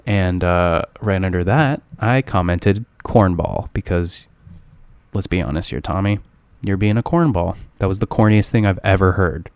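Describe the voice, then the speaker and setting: A man's voice: deep voice, moderate pace, darkish tone, smooth, dry recording. A young man co-hosting a podcast, teasing his friend in profane, rambling casual banter full of fillers. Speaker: podcast co-host.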